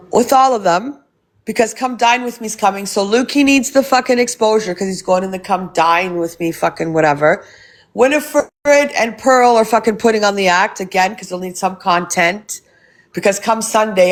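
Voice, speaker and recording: A woman livestreamer who rants in a blunt, scornful way and swears constantly. Her voice sits at an ordinary middle pitch, and she talks with open contempt for the people she is discussing. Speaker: livestreamer reacting to clips. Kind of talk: ranting livestream commentary.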